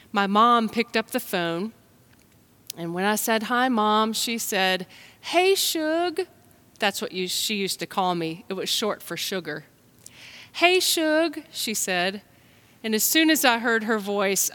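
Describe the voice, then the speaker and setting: A woman from the United States, a pastor, giving a gentle, unhurried children's message and sermon for an online service. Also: mid-range voice.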